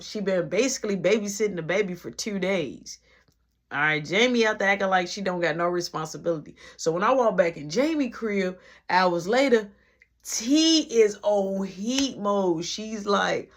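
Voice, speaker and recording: A woman casually telling a story in slang, animated and full of quoted dialogue. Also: mid-range voice, a little hiss or hum. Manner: slangy, animated retelling with many quoted lines.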